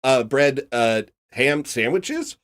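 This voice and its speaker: A man putting on a stiff, hesitant, overly polite customer voice, halting with many uhs. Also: mid-range voice, lively intonation, a bit bright, pitched above the performer's own voice. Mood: timid.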